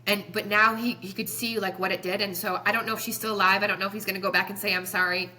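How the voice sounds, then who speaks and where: Earnest bright-voiced woman chiropractor. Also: mid-range voice, fairly even intonation, fast. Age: 40s. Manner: earnest, passionate, rambling with restarts. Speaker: chiropractor guest. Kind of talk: emotional podcast storytelling.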